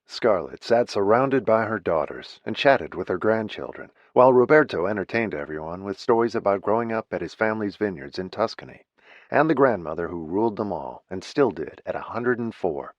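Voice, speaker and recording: Male audiobook narrator, low voice, steady reading, dry dull sound. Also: a little fast, dry recording. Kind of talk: scripted narration.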